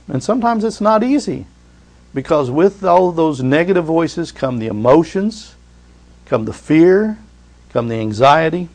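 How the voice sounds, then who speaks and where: A man's voice: medium pitch, gravelly, darkish tone. Man, middle-aged, pastor, sermon, emphatic preaching, scripture reading, asks the congregation for responses. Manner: reads scripture aloud with rising force.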